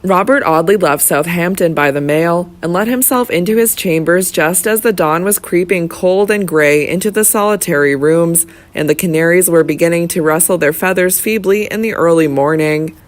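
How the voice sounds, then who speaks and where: Reading from a classic novel, this audiobook narrator keeps a steady, measured storytelling delivery in a mid-range voice.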